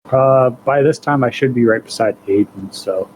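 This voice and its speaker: A man's voice: mid-range voice, normal speed, darkish tone, a little hiss or hum, rough recording. A man playing a tabletop game, talking casually and matter-of-factly. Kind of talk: casual chat.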